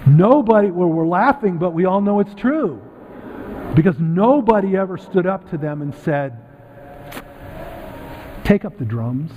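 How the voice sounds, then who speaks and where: High-voiced man preaching in a reverberant church. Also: moderate pace, a little hiss or hum. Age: middle-aged. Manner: conversational and animated, acting out quoted voices. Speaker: guest speaker. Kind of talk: church talk to a congregation. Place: church sanctuary. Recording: phone-like, thin sound with long hall reverb.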